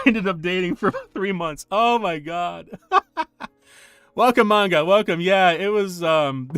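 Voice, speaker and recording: A man's voice: on the high side, moderate pace, smooth, no echo, studio quality, faint music behind. A middle-aged man chatting casually on a stream, telling a story and laughing often. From United States. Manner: animated, laughs often, acts out quoted voices.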